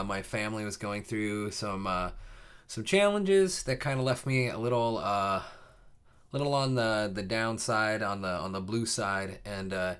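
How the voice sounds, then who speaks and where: A young man with a lowish, smooth, slightly bright voice hosts a live coding stream. Before getting to the lesson, he chats casually and ramblingly with viewers, using lots of fillers and restarts.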